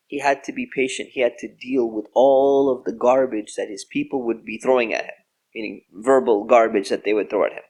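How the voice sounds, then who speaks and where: A middle-aged man giving a religious lecture, telling a story and acting out the quoted voices with lively shifts. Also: medium pitch. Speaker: Islamic lecturer.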